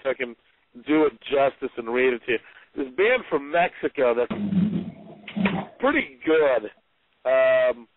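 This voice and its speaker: Wry man on a tinny phone line. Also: fairly high pitch. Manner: wry, rambling storyteller. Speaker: author guest. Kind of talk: casual chat, reading aloud from his book. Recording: tinny phone-like, dry sound.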